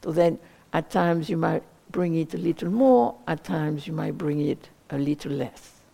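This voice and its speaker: A woman meditation teacher giving a dharma talk, searching for words slowly with many pauses and hedges. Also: sits low, creaky, warm tone.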